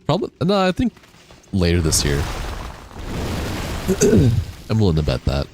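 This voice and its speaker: A man's voice: deep voice, huge pitch swings, slow pace, background noise. A man live-streaming a game, chatting casually and answering his viewers in a laid-back way. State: has the hiccups. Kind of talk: casual live-stream chat while gaming. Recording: game music clearly behind the voice. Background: game music.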